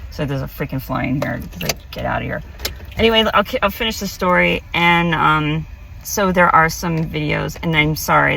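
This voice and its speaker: A woman's voice: deep voice, vocal fry, sharp tone, distant mic, rough recording. A woman vlogger casually telling a personal story, rambling with many fillers and restarts. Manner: rambling, filler-heavy, self-interrupting.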